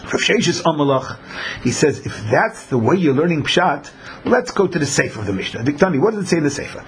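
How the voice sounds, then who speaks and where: A man's voice: fairly high pitch, animated, normal speed, slight background noise. A man teaching a Talmud class who acts out the people in his examples. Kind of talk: Talmud lecture.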